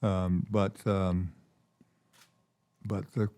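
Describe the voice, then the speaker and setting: A man's voice: low-pitched, level tone, very slow, mellow. An older man telling stories as a conference keynote guest, rambling with many restarts. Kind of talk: conversational storytelling. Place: conference stage.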